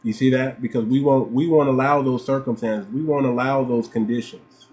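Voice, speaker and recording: A man's voice: mid-range voice, steady tone, normal speed, a little mellow. A man from the United States hosting a livestream, talking emphatically, repeating himself and firing off rhetorical questions. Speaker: livestream host. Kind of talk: livestream commentary.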